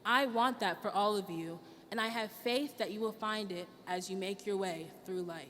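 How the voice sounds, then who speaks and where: A woman's voice: medium pitch, moderate pace, fairly bright tone. A young woman student giving a heartfelt graduation speech to her class. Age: young adult. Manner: earnest, heartfelt, emotional. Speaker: student speaker. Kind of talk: commencement speech. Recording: distant mic, long hall reverb, faint noise.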